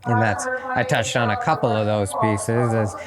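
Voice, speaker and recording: A man's voice: fairly low pitch, steady tone, normal speed, over a noisy crowd. A man talking as a guest on a podcast, thoughtful and often restarting his phrases, at a horse competition. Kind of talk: casual interview chat.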